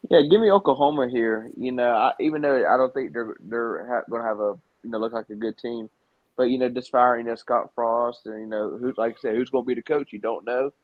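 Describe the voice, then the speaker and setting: A man co-hosting a casual sports chat, halting and leaning on filler phrases. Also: medium pitch, dry recording, narrow, tinny audio. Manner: halting, leans on "you know". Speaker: co-host.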